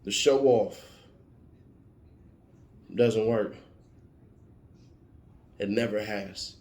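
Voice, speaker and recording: In a low, darkish voice and at a very slow pace, a man gives a forceful motivational talk, issuing warnings and hammering his points home again and again in a preacher's style. The space sounds echoey.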